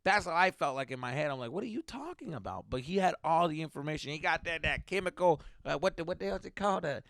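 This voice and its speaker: Gravelly, heated ranting man. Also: a little high, quick pace, dry recording, clean studio sound. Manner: heated, swearing, swinging between loud and muttered. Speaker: comedian podcast host. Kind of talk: profane comedic rant.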